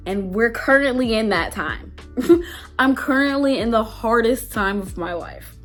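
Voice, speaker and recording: A woman's voice: a little high, lively intonation, a little slow, faint music behind. Heartfelt young woman talking to camera. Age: 20s. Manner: candid, heartfelt, laughs nervously. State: emotional, near tears. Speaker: vlogger. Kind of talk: personal talk to camera.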